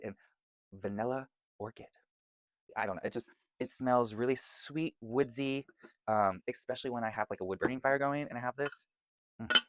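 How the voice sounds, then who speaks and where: A man's voice: mid-range voice, fairly bright tone, a little hiss or hum. A man chatting casually and enthusiastically to camera as he shows off his candles, rambling and gushing about scents. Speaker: vlogger reviewing candles. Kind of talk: casual product chat.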